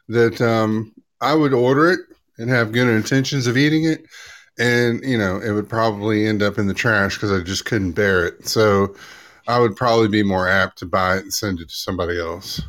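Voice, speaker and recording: A man's voice: mid-range voice, moderate pace, fairly bright tone. Rambling, hesitant talk show co-host man. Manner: rambling and hesitant, repeats himself, laughs. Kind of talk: casual talk show chat.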